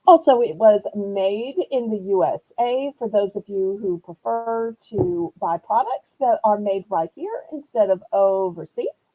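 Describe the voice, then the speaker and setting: A woman's voice: mid-range voice, lively intonation, unhurried, few pauses, muffled recording. A woman with a Southern accent hosting a live online auction, chatty and upbeat as she shows items. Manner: chatty, upbeat, playfully sings prices. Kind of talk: live home shopping sale.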